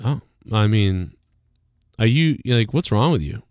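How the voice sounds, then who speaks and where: A man's voice: lowish voice, animated, measured pace, darkish tone, no room sound, clean studio sound. A man hosting a livestream, talking bluntly and profanely in rambling casual chat. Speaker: livestream host.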